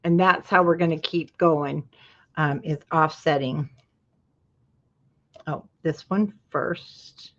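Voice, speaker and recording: A chatty woman from Utah walks viewers through a craft project, with plenty of friendly asides along the way. Her voice sits a little low for a woman. The sound is somewhat dull and lo-fi. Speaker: craft show host. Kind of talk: live craft tutorial.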